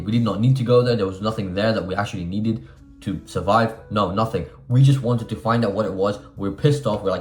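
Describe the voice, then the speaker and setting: A man's voice: lowish voice, a little mellow, roomy sound. A man of twenty giving blunt, profane, emphatic self-improvement advice in a casual monologue. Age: 20s.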